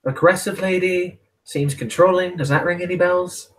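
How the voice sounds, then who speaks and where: A man, speaking at normal speed with fairly even intonation, pitches his voice high, above his natural register, to lightly act a blunt, crude, sardonic and streetwise young woman.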